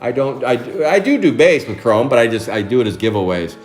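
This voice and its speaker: A man hosting a live trading card break, chatting excitably and calling out card names. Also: medium pitch, fairly quick, soft background music.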